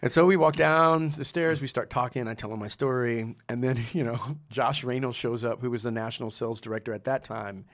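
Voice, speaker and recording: Dry-sounding man telling lively stories. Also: mid-range voice, brisk, few pauses, no echo. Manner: animated, laughs often, acts out quoted dialogue. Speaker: guest, sommelier and restaurateur. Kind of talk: casual storytelling interview.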